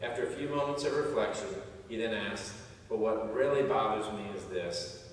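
Heard from afar in a big, echoey church hall, a male pastor with a lowish voice preaches at a normal pace. His sermon runs on stories and jokes, and he performs the voices of the characters he describes.

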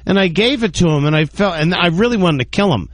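A man's voice: high-pitched, expressive, fast, no room sound. Chatty male storyteller on radio. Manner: chatty storyteller, acts out people he quotes. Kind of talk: casual radio talk.

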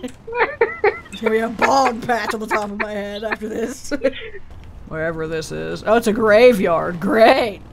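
A woman chatting casually while playing a video game with a friend, excitable and quick to laugh. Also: mid-range voice, creaky, background noise. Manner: excitable, laughs and yelps a lot. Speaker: gaming video creator. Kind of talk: casual gameplay chat.

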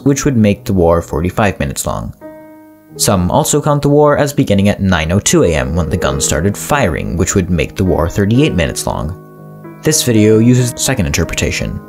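A man reads a scripted history explainer in a lively, swooping voice. He keeps stepping out of the story with wry asides to the viewer. Faint music plays softly underneath. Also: deep voice, fairly quick. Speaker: narrator of a history explainer channel. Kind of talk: scripted narration.

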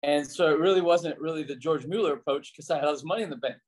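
An American pastor and former missionary, with a slightly high voice and fast delivery, tells stories casually as an interview guest. He's an animated storyteller who acts out quoted dialogue in a raised voice.

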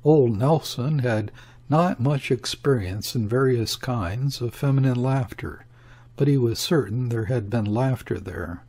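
A man narrating a classic novel as an audiobook, measured and even. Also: medium pitch.

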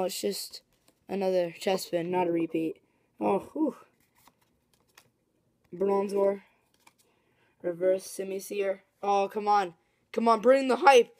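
Excitable woman opening card packs. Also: medium pitch, creaky. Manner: excitable, chatty, bursts into shrieking excitement. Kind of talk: casual commentary while opening card packs.

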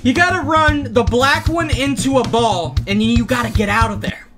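A man hosting a gaming channel, giving let's play commentary in excitable, slangy banter that breaks into yelps and shouts at near misses. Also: extremely high pitch, normal speed. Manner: self-hyping, slangy banter. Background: game music.

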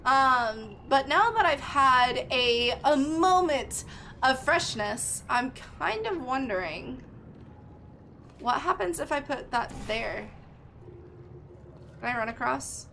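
Young woman game streamer: high, bright, unhurried, rambling chatter to her chat. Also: expressive, slight background noise. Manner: chatty, thinks aloud, greets chat loudly. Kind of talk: live gameplay chat with viewers.

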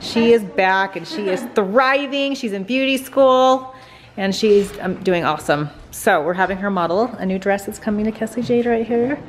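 A chatty, upbeat woman in her forties talks straight to her viewers as she films her home on a handheld phone. Her voice sits at an ordinary middle pitch. A faint hum of household noise runs underneath. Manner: chatty, upbeat, fast asides. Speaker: family vlogger, mother. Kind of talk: casual vlog chat. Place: family home indoors.

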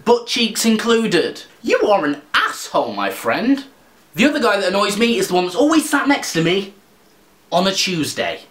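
A man's voice: high-pitched, big pitch swings, moderate pace, fairly bright tone, roomy sound. A man ranting in a comedic vlog, sweary and sarcastic. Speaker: vlogger.

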